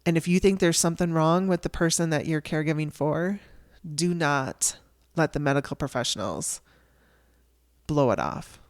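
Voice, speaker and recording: A woman's voice: deep voice, normal speed. A woman hosting a podcast, telling a raw personal story in a candid, emotional way and swearing casually. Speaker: podcast host.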